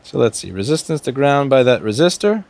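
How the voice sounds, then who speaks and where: A man's voice: mid-range voice, big pitch swings, brisk, creaky, a little mellow, no room sound. Wry, profane man explaining a repair. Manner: profane, wry, talks to himself and the board. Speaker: repair technician. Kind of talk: live repair stream, explaining as he works. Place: repair workshop bench.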